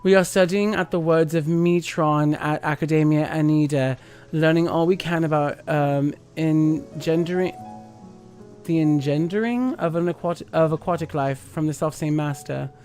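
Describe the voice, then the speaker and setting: Man voicing earnest young woman scholar, polite, a bit higher, video game read-aloud. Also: normal speed, a little mellow, soft background music, close to an everyday voice. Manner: reading game dialogue aloud, stumbling on names.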